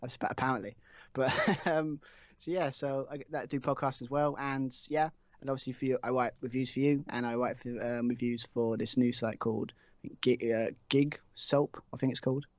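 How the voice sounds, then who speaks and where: A man's voice: mid-range voice, steady tone, normal speed, dry recording, lo-fi sound. A man, a podcast guest chatting casually and rambling, with many fillers and restarts. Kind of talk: casual chat.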